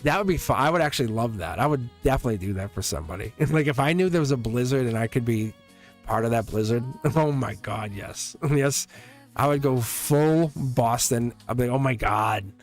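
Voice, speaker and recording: A man's voice: mid-range voice, lively intonation, a little fast, soft background music. A man hosting a live tarot stream in a casual, rambling way, chuckling often and joking with his viewers.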